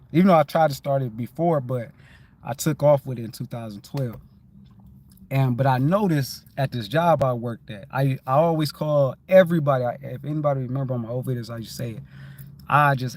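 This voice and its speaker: Rambling laid-back man. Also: mid-range voice. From Detroit, USA. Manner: rambling, keeps repeating "you know what I'm saying"; laid-back, loose and conversational. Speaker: livestream host. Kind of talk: casual spiritual livestream monologue.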